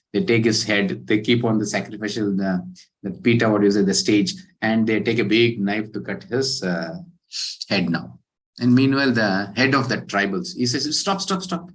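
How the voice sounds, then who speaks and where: A man giving a scripture class, telling a parable in an animated way and acting out the characters' lines. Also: on the low side, rough recording. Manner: animated storyteller, acts out quoted characters. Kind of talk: storytelling sermon.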